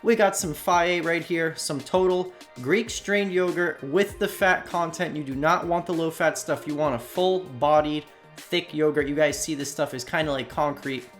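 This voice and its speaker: A Slovak man narrates a cooking voiceover recorded separately from the video, chatting casually and addressing his viewers as "you guys." His voice is a little high with fairly even intonation, he speaks at a moderate pace, and faint music plays behind him.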